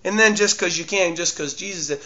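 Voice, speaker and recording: A man's voice: sits high, fairly quick, pushed and bright, lo-fi sound. A male pastor preaching a sermon emphatically and repeating his key phrases.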